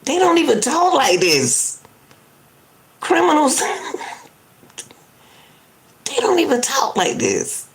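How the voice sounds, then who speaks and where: A woman's voice: sits high, huge pitch swings, moderate pace, noisy background. A woman doing live reaction commentary, indignantly arguing back at a news clip and talking straight to her viewers. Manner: indignant, argues back at the clip, repeats herself; casual and talkative, addresses viewers directly.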